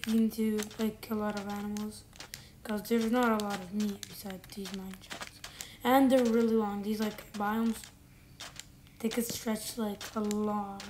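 Rambling woman narrating her gameplay. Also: medium pitch. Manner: rambling, self-correcting, thinking aloud while playing. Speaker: gamer. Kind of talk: casual gameplay commentary. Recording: loud background noise with clicks.

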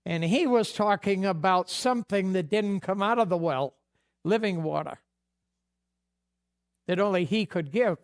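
A man's voice: high-pitched, clear, resonant tone. A man preaching a sermon as pastor, folksy and conversational, acting out bits of dialogue. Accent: New England.

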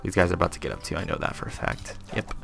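Racing along in a low, creaky voice with lively intonation, this let's-play host chats to himself as he games, rambling and cracking jokes he finds funny. Music plays in the background.

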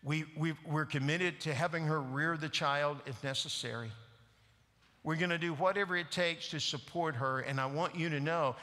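A man playing a grieving, humble pastor who speaks softly and haltingly through tears. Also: fairly high pitch, big-room sound. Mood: tearful. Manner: soft, halting, tearful confession. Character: grieving middle-aged pastor, humble and broken.

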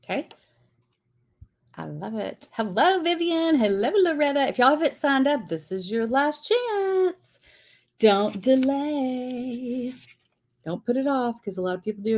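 A woman's voice: mid-range voice, expressive, measured pace, gravelly. A woman teaching a live-streamed lettering class, chatting and greeting viewers by name as she writes.

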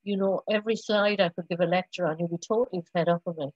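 A woman's voice: fairly low pitch, fairly even intonation, darkish tone, slight background noise. Middle-aged woman lecturer, meandering delivery full of restarts, dull lo-fi sound. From Ireland. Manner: rambling, halting, many restarts and fillers. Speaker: lecturer in archaeology. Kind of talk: public lecture. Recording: dull lo-fi recording.

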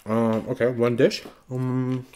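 Dad vlogger in his 30s, patient n gentle w his kid while eating, slow easy talk, warm mellow tone. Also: mid-range voice, flat delivery. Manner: gentle, patient, talking to a child between bites. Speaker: family vlog host. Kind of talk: casual family chat while eating.

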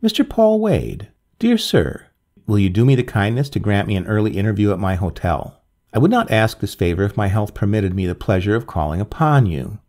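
A man voicing a frail, grieving old gentleman who speaks formally and pleads. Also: on the low side. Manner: formal, imploring, trembling.

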